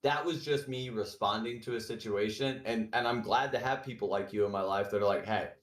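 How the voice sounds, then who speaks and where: A man talking in a casual podcast chat. He is profane and animated and acts out quotes. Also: on the low side, a little fast. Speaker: podcast host. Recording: roomy echo.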